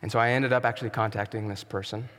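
A man's voice: on the low side, steady tone, fast talker. Earnest male pastor preaching in a hall. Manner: earnest, emphatic preaching with soft drops. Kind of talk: sermon. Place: church sanctuary.

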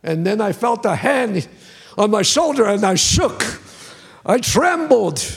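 A man's voice: high-pitched, very animated, a little slow, creaky, husky. A man preaching as a pastor, in an emphatic style with a lot of repetition. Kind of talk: sermon.

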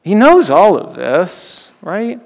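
A pastor delivers a conversational sermon, checking in with his listeners through frequent rhetorical questions. His voice sits a little high and has a gravelly edge. A long reverb trails behind it, as in a big hall. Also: huge pitch swings, takes it slowly.

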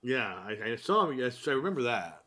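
A man in casual podcast chat with a mid-range pitch. He is blunt and playful, throwing in asides and swearing freely. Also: sing-song, a little fast, sharp tone. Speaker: podcast co-host.

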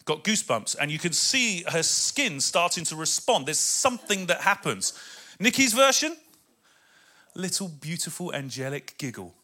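A man preaching a sermon with excitable emphasis, then dropping quieter to read scripture. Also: on the high side, moderate pace. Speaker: pastor.

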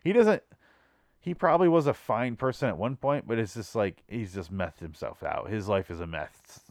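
A man's voice: on the low side, lively intonation, moderate pace, darkish tone, no room sound, studio quality. A man hosting a podcast, telling a comic story in a rambling, profane, exasperated way. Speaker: podcast host. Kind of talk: casual comedic storytelling.

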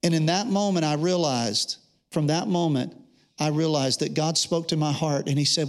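A man's voice: a little high, normal speed. A man preaching a sermon, telling a personal story in an earnest way and acting out the dialogue. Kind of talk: sermon testimony.

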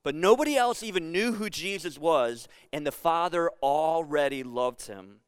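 A pastor with a high, smooth, resonant voice, preaching earnestly. He sinks to a hushed near-murmur for tender quoted lines. The sound is dry and close. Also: lively intonation, normal speed, dry recording. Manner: repeats words when building a point. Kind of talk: sermon.

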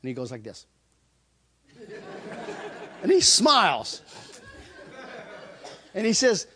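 Animated man with a lively high voice. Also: a little slow, long pauses, husky, some chatter behind. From Kentucky. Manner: repeats phrases for emphasis, chuckles through the telling. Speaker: guest sharing his testimony. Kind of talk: animated personal testimony storytelling.

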